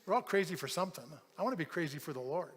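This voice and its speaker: A man's voice: fairly high pitch, rapid-fire, slightly rough. A man preaching a sermon as a pastor, telling a story with animation and acting out the people in it. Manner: animated storyteller, acts out quoted voices. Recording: large hall with long reverb.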